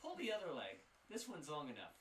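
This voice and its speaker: A lonely village shopkeeper, thrilled to see anyone, cracks jokes in a high, bright voice, as a game master puts him on. He talks with a theatrical flair. It sounds like an echoey room, with the mic some distance away. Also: brisk. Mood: teasing. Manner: high excited voice, joking and theatrical. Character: lonely eccentric male village shopkeeper, chatty and quick-witted.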